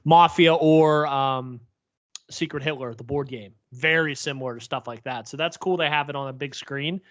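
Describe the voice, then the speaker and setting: A man's voice: on the high side, moderate pace, fairly bright tone, no room sound. Young man on a dull, dry mic. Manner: thoughtful, filler-heavy explaining. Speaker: podcast co-host. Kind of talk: casual chat.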